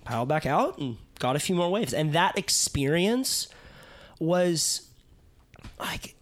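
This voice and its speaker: A man hosting a podcast, telling a personal story in a reflective way that trails off softly. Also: a little high, big pitch swings, a little slow, no echo. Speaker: podcast host. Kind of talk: casual podcast conversation.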